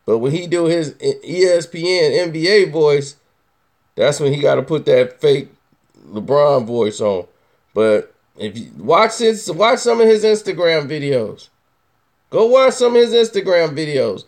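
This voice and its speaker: A man's voice: a little high, animated, measured pace, a little mellow. A man hosting casual opinion commentary, talking emphatically and teasingly, repeating his points. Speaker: host.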